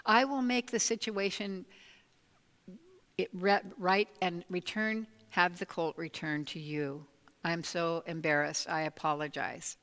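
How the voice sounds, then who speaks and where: A woman voicing a proud male judge who is quick to be flustered, speaking in an exclaiming, indignant way. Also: lowish voice, fairly even intonation, fairly bright tone. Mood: apologetic. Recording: long reverb of a large hall.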